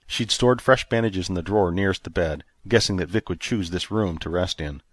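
A man narrating an audiobook in a steady, even storytelling manner. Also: low-pitched, fairly quick, no room sound, studio quality. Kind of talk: scripted narration.

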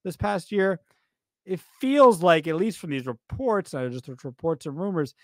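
A man co-hosting a baseball podcast in a casual, animated chat, rambling and often repeating himself. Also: high-pitched, moderate pace, no echo, studio quality. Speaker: podcast co-host.

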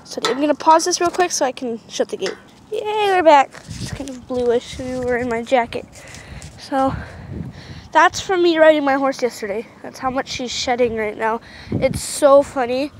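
A woman's voice: high-pitched, normal speed. A young woman vlogging casually outdoors at a horse pasture, chatty and rambling, talking sweetly to her horses on a handheld camera. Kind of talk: casual vlog while doing chores. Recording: noisy outdoor recording.

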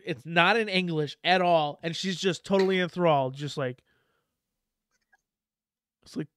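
A man's voice: fairly high pitch, normal speed, fairly bright tone. A man in his thirties chatting casually on a podcast, laughing often and swearing freely. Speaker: podcast guest. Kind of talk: casual chat.

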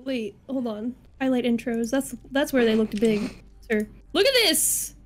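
A woman's voice: on the high side, fairly even intonation, a little slow, darkish tone, soft background music. A woman in casual voice chat while gaming, brash and playful.

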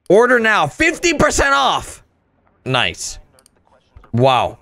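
A man hosts a casual reaction commentary, his high voice leaping all over the place as he gasps and breaks into loud laughter. He talks at an easy, drawn-out pace. Faint music plays underneath. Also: wildly swooping pitch, creaky. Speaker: host.

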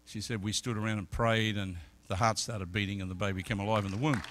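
A middle-aged man preaching a sermon as an evangelist, telling stories and swinging from quiet talk to loud shouted peaks. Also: on the low side, fairly even intonation, fast, a crowd in the background, background noise. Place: church service.

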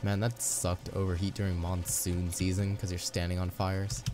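A man's voice: sits low, little pitch movement, moderate pace. A young man giving casual, chatty commentary while playing a video game, upbeat with playful asides. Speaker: let's play host. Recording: music playing underneath.

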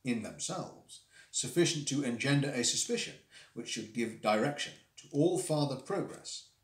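A detached gentleman detective, read aloud by a man, lays out his reasoning in a measured, lecturing way, his pitch swinging up and down with lively emphasis. It sounds like a classic story read aloud, caught with a roomy echo around the voice. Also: lightly acted. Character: cool analytical gentleman detective, middle-aged man.

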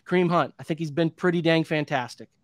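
Brief: man in his thirties, higher voice, dry close sound, heated podcast rant that keeps restarting. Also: fast, no room sound. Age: 30s. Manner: heated, frustrated, rambling with restarts. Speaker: sports podcast analyst.

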